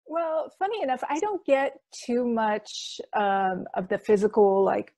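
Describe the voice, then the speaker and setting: A woman, a hypnosis practitioner, explaining her work with enthusiasm in a conversational interview, often listing things in quick runs. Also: mid-range voice, lively intonation, a little mellow, no echo. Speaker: quantum healing hypnosis practitioner.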